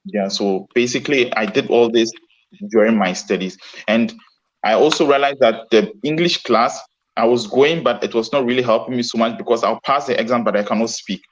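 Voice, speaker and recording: A man's voice: mid-range voice, brisk, highs cut off. A man answering interview questions earnestly, often restarting his sentences. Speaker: guest. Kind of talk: casual interview.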